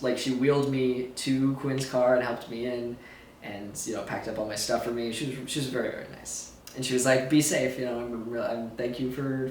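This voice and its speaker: A man's voice: mid-range voice, slight background noise. A young man telling a rambling, giggly story in a casual vlog, groggy after surgery with a sore throat. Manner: rambling, giggly, loses his thread. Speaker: vlogger. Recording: echoey room, a bit far from mic.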